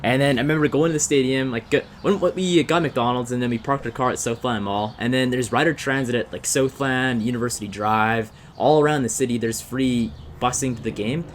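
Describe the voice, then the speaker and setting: A man's voice: mid-range voice, a little fast, hardly any pauses, a little hiss or hum. A young man co-hosting a podcast, telling a story in casual chat, rambling and full of fillers. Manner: rambling storyteller, heavy use of "like". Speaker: podcast co-host.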